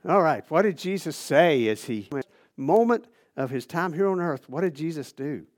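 A man preaching a sermon in a casual, conversational way, swinging between loud emphasis and hushed near-whispers. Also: on the high side, lively intonation, moderate pace. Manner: casual, conversational phrasing with restarts.

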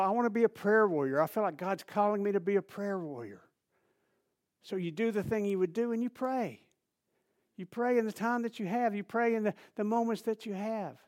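A man preaching a sermon, animated and repetitive, building emphasis and dropping to soft asides. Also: high-pitched. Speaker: pastor.

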